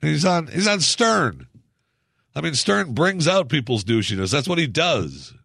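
A man's voice: fairly high pitch, sing-song, unhurried, vocal fry, a bit bright, slightly rough, dry recording, clean studio sound. A man giving casual political commentary as a podcast host, in a sarcastic, ranting, mocking manner.

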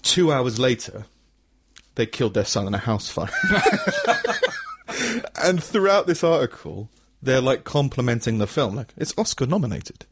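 A man's voice: mid-range voice, very animated, normal speed, long pauses, a little hiss or hum. A man co-hosting a casual comedic podcast, rambling, laughing often and swearing freely. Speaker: podcast co-host.

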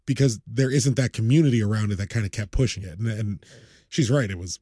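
A man in casual podcast chat, blunt and profane, muttering asides and then bursting out loud. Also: on the low side, quick pace, husky, no room sound, clean studio sound. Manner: blunt, profane, jumps between mumbling asides and loud outbursts.

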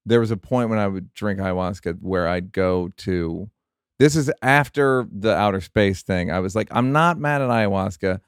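A man hosting an interview, chatting casually and trading wry, deadpan quips. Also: deep voice, normal speed, clean tone, no echo, clean studio sound. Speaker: host.

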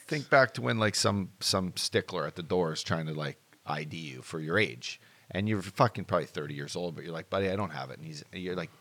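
A man's voice: low-pitched, animated, fairly quick, a bit bright. A man in his late thirties co-hosting a podcast, chatting casually, rambling through stories and swearing freely. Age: 30s. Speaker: podcast co-host. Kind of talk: casual chat.

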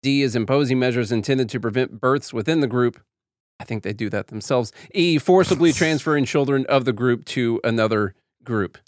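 A man's voice: medium pitch, moderate pace, dry recording, studio quality. A man hosting a podcast, talking in a sarcastic, opinionated and rambling way. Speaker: podcast host. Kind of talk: casual commentary.

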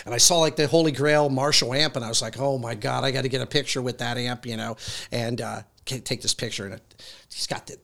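A man telling a long story in a casual, excitable way, rambling with many restarts. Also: mid-range voice, brisk, gravelly. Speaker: guest.

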